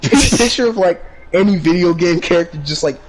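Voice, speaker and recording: A man's voice: high-pitched, lively intonation, moderate pace, rough recording. A young man co-hosting a podcast in casual chat, joking crudely and swearing a lot. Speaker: podcast co-host.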